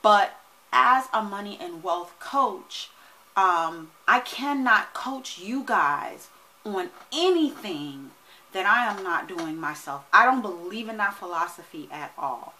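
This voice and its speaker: Give me a forceful, energetic woman coach chatting to her viewers. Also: medium pitch, slow, slight background noise, poor audio. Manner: energetic and emphatic, often asks "right?". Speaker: money and wealth coach. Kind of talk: casual vlog talk to camera.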